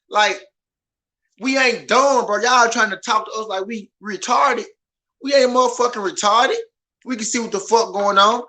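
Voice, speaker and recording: Loud, ranting man with a bright, high voice. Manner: loud, passionate, profane, repetitive. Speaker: boxing podcast host. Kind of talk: animated ranting commentary.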